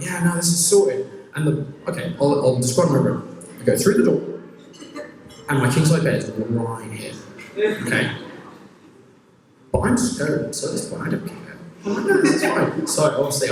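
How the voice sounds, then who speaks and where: A young man does stand-up in a comedy venue, spinning a rambling, self-mocking story with lots of restarts while the audience laughs. His voice is mid-range and moderately paced, with long pauses. The audio is roomy and captured from far off in the hall, with loud crowd noise.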